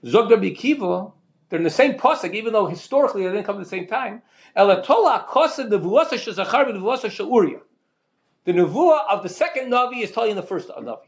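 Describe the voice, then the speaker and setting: Male Torah teacher, high voice that swings widely, emphatic lecture delivery full of rhetorical questions. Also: lively intonation, fast, gravelly. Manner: repeats words when restarting.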